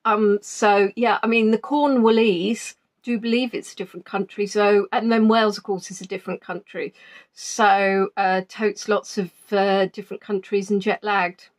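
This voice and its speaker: A woman's voice: mid-range voice, fairly even intonation, normal speed. A woman chatting casually from her spare room at home before an online tour, greeting viewers by name with plenty of ums. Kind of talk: casual pre-tour chat on a live stream.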